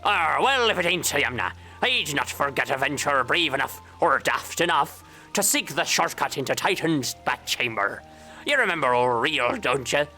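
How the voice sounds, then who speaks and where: A woman's voice: low-pitched, animated, moderate pace, bright, forceful tone, faint music behind. A woman putting on a mock British pirate accent to voice a boisterous old male pirate while reading game dialogue aloud.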